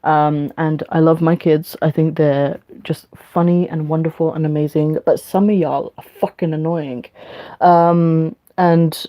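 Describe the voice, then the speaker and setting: A woman's voice: sits low, steady tone, a little slow, highs cut off. A young woman, chatting casually and rambling while doing her makeup on a livestream, swearing freely. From England. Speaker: livestreamer and teacher.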